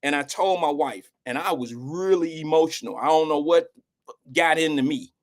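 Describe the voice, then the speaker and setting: A man's voice: a little high, normal speed. A middle-aged man hosting a live show, telling a rambling, slangy and emotional story in casual talk.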